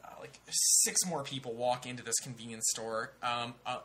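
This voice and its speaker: A young man telling a story on a comedy talk show in a casual, animated, profane way. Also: mid-range voice, moderate pace, a little hiss or hum. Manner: animated, profane, acts out other people's voices.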